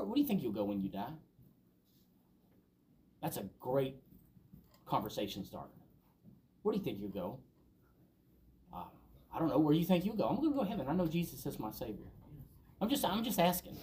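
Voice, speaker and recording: A man preaching a sermon in a relaxed, conversational way. He tells stories plainly and then lifts into emphatic questions. His voice sits a little higher than most men's. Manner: conversational, storytelling with rising emphatic peaks. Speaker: pastor.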